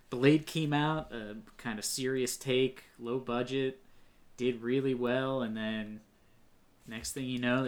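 A man hosting a casual podcast, bantering in a dry, teasing, blunt way. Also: medium pitch. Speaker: podcast host.

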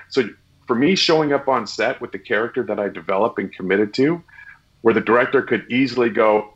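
A man's voice: medium pitch, a little fast, lo-fi sound. A man, an actor, chatting as a guest in an interview and acting out the dialogue in his stories. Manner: animated storyteller, acts out quoted dialogue. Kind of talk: casual interview chat.

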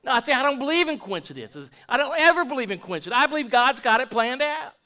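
Male pastor, high bright voice, folksy sermon delivery with lots of restarts. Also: very animated, fast. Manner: folksy, repeats and restarts words, asks the congregation questions.

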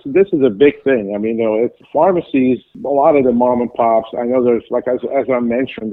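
A man talking as a guest in an interview, explaining at length with halting speech, frequent fillers and restarts. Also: medium pitch, no echo. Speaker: pharmacy business guest. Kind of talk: casual interview chat. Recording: tinny phone line.

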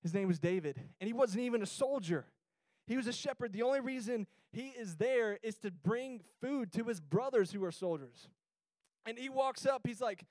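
A young man giving a storytelling sermon to a young audience, lively and acting out the people in his stories. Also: very high voice, normal speed, no echo. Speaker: youth speaker.

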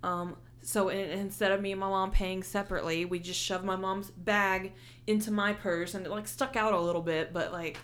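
A young woman telling a story in casual chat, animated and heated, swearing often and filling with "like". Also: medium pitch, moderate pace. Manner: heated, animated retelling with heavy swearing and many "like" fillers.

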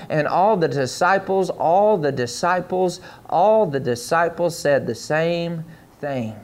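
A man's voice: on the high side, a little slow. A man preaching a sermon to a church congregation, reading scripture aloud and asking the room to follow along. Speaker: pastor.

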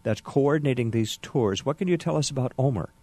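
A man's voice: medium pitch, a little fast, dark tone, husky, dry recording. A man hosting a radio interview, talking in an upbeat promotional way with frequent fillers. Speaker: radio host.

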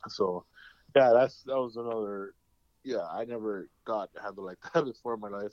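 A man's voice: lowish voice, normal speed, dry recording. A man telling a long story in casual chat, rambling and profane, full of fillers. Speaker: podcast host. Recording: dull lo-fi dry sound.

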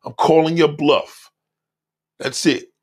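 A man hosting a livestream, reading chat comments aloud and mocking them in a loud, profane rant. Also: fairly high pitch, slow pace. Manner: loud, animated, heckling and mocking. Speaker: livestream host.

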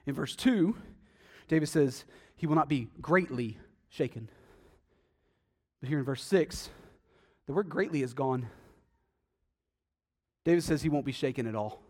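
A man preaching a sermon, emphatic and swinging between loud stresses and hushed, intimate asides. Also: fairly high pitch. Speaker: pastor.

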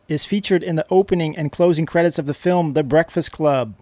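A man's voice: a little high, a little fast, hardly any pauses, mellow, no room sound. Dry-sounding, upbeat quiz host man. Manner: upbeat, laughs often while reading questions. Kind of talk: casual podcast quiz and interview.

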